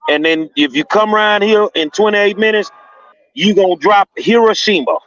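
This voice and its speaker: A man talking casually and emphatically by phone from a street protest, slangy and quick to laugh. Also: high voice, a bit bright, no echo. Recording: dull lo-fi phone line, dry.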